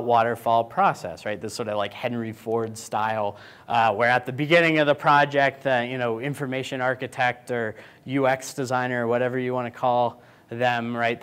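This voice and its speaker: A man giving a casual, joking conference keynote. He now and then acts out clients and coworkers in quick, higher voices. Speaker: keynote speaker. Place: conference stage.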